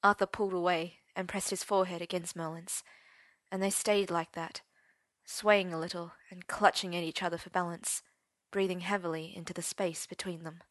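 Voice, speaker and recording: A woman's voice: fairly low pitch, little pitch movement, normal speed, no room sound. A woman narrating a story aloud in an intimate, dramatic reading. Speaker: story reader.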